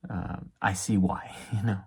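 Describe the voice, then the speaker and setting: A man in his thirties giving a casual, reflective devotional talk about parenting as a father, halting with many fillers. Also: low-pitched, fairly even intonation, a little mellow, slightly rough. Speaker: faith vlogger and dad.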